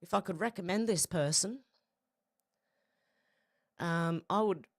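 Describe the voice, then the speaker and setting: A woman's voice: on the low side, slow, no echo, studio quality. A woman hosting a casual live stream, greeting viewers and talking with feeling. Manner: emotional, breaks into soft singing.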